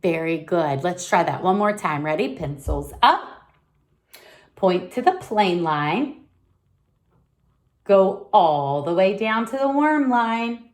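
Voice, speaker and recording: Slow sing-song preschool teacher woman. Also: on the low side, expressive. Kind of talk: online lesson for young children.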